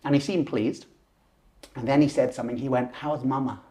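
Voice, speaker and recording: A man in his forties, a lucid dreaming teacher and podcast guest, telling a personal story in an animated way. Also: mid-range voice, a little fast. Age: 40s. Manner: animated, acts out voices and gestures while telling.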